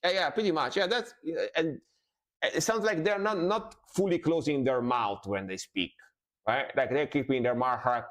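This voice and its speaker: A man's voice: fairly high pitch, normal speed. A man reacting to music on a live stream, casual and rambling, with many fillers and repeated words.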